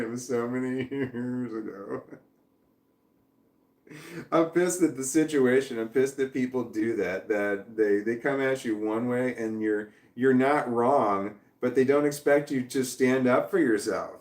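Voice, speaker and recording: A man's voice: mid-range voice, moderate pace, echoey room. A man on a casual livestream, ranting heatedly and swearing, with laughs between sentences. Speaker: vlogger.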